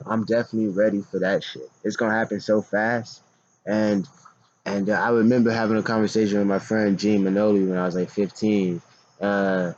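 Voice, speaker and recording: A man's voice: lowish voice, darkish tone. Profane man telling a vlog story. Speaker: vlogger. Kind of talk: casual monologue vlog. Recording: dull lo-fi sound with faint outdoor insect noise.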